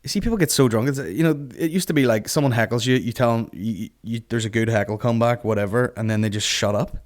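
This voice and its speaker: A man's voice: medium pitch, quick pace. A man hosting a comedy podcast, ranting casually, cursing a lot and acting out other people's voices. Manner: sweary, animated, acts out people's voices. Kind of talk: casual comic rant.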